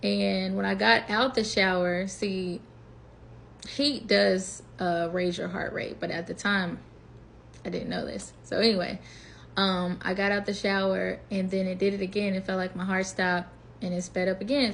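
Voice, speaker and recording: A woman's voice: medium pitch, moderate pace, gravelly, slight background noise. A woman in her twenties telling a personal story in a casual, chatty vlog, acting out what she thought and said. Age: 20s. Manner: chatty, animated retelling with quoted inner voice. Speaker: vlogger.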